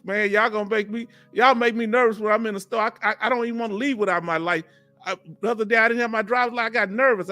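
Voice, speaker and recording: A man's voice: sits high, sharp tone. A man from Houston with a Southern Texas accent, hosting a casual live stream and joking with his viewers, laughing often. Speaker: veteran livestream host.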